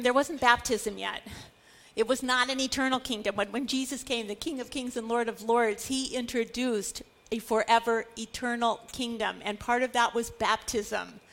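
A woman's voice: on the high side, fairly bright tone. A middle-aged woman teaching a Bible study, earnest and building to emphatic declarations.

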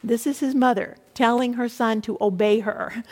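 Brief: female Bible teacher, chatty asides between readings, high voice, reverberant hall. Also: normal speed, few pauses. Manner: expressive, conversational, with rhetorical asides. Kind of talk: Bible study teaching for women.

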